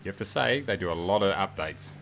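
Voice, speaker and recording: Deep-voiced New Zealand man, joking. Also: lively intonation, brisk, gravelly, fairly bright tone, slight background noise. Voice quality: joking, rambling, self-mocking. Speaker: streamer. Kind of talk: casual livestream chat while flying a sim.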